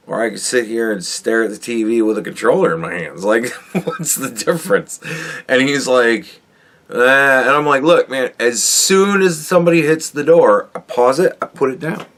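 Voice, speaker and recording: A middle-aged man hosts a podcast, rambling through a work story with a steady stream of swearing. He talks casually in a mid-range voice and acts out both sides of the conversations. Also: mid-range voice. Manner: profane, rambling and animated, acts out quoted dialogue. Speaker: podcast host.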